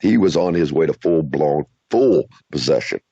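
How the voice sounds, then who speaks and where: Male radio host, low voice, slightly husky, animated storyteller, lo-fi dry recording. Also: no room sound. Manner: animated, halting restarts, acts out quoted voices. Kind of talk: casual storytelling interview. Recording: dull lo-fi radio audio.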